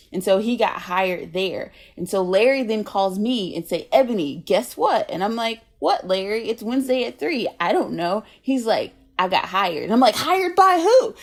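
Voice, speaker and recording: Animated woman telling career stories. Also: medium pitch. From United States. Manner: animated storyteller, acts out quoted dialogue. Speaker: guest, nonprofit operations director. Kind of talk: casual conversational interview.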